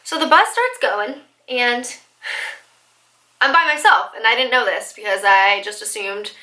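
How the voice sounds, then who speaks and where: A woman in her twenties telling a storytime vlog in an excitable, animated way, full of likes and laughter. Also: a little high, a little slow, low-quality recording. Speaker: vlogger.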